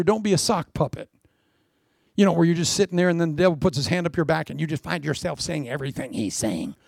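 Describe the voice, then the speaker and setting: A male preacher with a fairly high, gravelly voice that leaps all over the place as he jokes his way through a sermon. He swings from loud, laughing punchlines to hushed asides, all captured close and dry with no room sound. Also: no echo. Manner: animated, joking, often laughing, drops to soft asides. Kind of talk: lively comic sermon.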